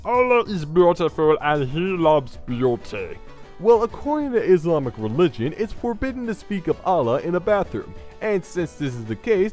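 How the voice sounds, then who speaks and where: A man hosting a scripted video game commentary, talking sarcastically and crudely. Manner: sarcastic and crude, with lively swings in pitch. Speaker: gaming commentary host.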